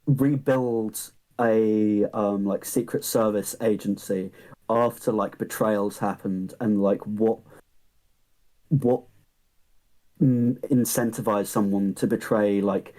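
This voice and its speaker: A man's voice: on the low side, fairly even intonation, slow pace, dark tone, poor audio. A young man co-hosting a casual podcast, rambling and hesitant, with lots of fillers and swearing. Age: young adult. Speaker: podcast co-host.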